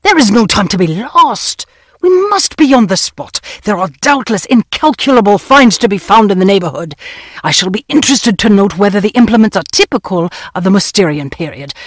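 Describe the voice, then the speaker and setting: A woman reading an audiobook voices a pedantic, absent-minded old scholar, lecturing in a husky voice that swoops up and down. He talks down loftily, and the dry, close recording has no room sound. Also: medium pitch, no echo. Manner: lecturing, lofty and reproachful. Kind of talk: audiobook character voice.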